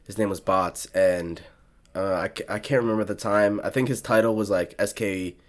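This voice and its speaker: A man's voice: fairly low pitch, steady tone, moderate pace. A young man from South Florida hosting a podcast, telling a rambling story full of swearing and restarts in casual chat. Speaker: podcast host.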